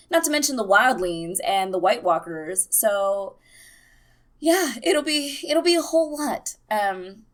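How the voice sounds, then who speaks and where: Chatty, excitable young woman. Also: mid-range voice. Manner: chatty and excitable, many fillers. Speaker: TV recap vlogger. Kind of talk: casual recap vlog.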